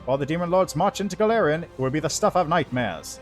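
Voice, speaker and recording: A man's voice: a little high, very animated, fairly quick, faint music behind. A man voicing a solemn, ancient male angel herald in a mock French-tinged, old sci-fi style voice, reading game dialogue.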